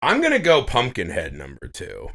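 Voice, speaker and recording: A podcast co-host in casual chat tells stories in an animated way and swears freely, often. He has a mid-range voice with vocal fry and speaks at normal speed.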